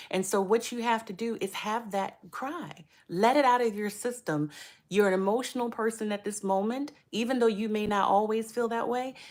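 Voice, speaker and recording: A middle-aged woman giving caregiving advice on a live stream, chatty, repeating words for emphasis and greeting viewers by name. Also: mid-range voice. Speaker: caregiver coach.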